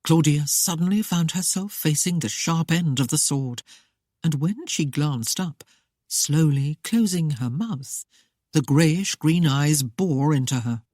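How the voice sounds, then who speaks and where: An audiobook narrator reading a historical romance in a steady, even storytelling manner. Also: medium pitch, a little slow, no room sound, studio quality. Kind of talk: scripted narration.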